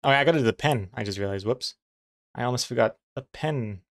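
A man's voice: mid-range voice, fairly quick. A man streaming as a comic artist, chatting casually while drawing, musing aloud and answering chat with easy chuckles. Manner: chuckles easily, playful pronunciation teasing.

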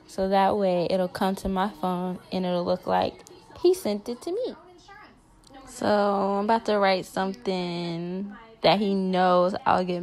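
A young woman, chatting excitedly in a casual vlog from home. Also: medium pitch, vocal fry. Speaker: vlogger.

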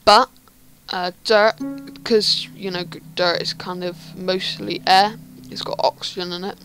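A woman's voice: mid-range voice, steady tone, unhurried, a bit bright, faint music behind. A woman giving a casual game tutorial, rambling with lots of ums and restarts. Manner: rambling, hesitant, many ums. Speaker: Minecraft tutorial creator.

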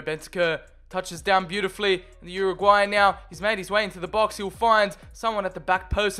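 A young man commentating on his own football video game match, shifting from calm play-by-play to loud excited shouts. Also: sits high, clear, resonant tone. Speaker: gaming video creator. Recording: faint background music.

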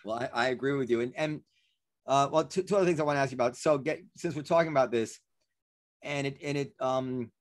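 A man's voice: mid-range voice, fairly quick, no room sound, clean studio sound. A man hosting a casual conversation, starting his questions with hesitant restarts. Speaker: host.

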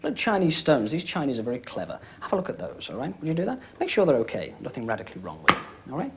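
A man's voice: mid-range voice, wildly swooping pitch, very fast, a little hiss or hum. A young man performing comedy close-up magic, chatty and joking, always checking in with "all right?". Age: young adult. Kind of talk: comic close-up magic patter. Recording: live TV studio with audience.

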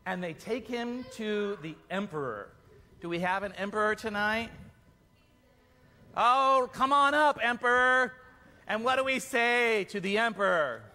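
A man leading a children's Easter play, narrating the story and directing the kids in a playful, animated way. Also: sits high, a little slow, slight background noise. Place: church hall. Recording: echoey church hall.

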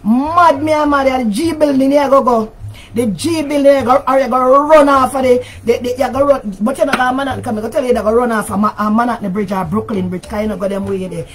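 An older woman with a Jamaican accent, hosting a livestream rant in which she scolds and insults someone over and over, sometimes shouting. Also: high voice, fairly even intonation, a little fast. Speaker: talk show host.

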